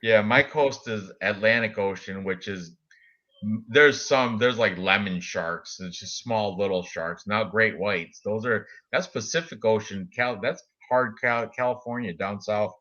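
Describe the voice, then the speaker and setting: A man co-hosting a casual betting stream, chatting excitably, his voice shooting up high when something shocks him. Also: unhurried. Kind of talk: casual chat. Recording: dull lo-fi stream audio.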